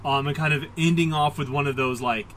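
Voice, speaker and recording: A somewhat high-voiced man chatting on a podcast, rambling through his thoughts with plenty of fillers and self-deprecating asides. A faint hum sits under his voice. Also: steady tone, fairly quick, a bit bright, low-quality recording. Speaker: podcast co-host. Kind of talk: casual comic book discussion.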